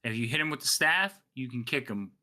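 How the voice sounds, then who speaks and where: A man acting as game master in an online tabletop game, explaining rules quickly and laughing often. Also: mid-range voice, animated, sharp tone.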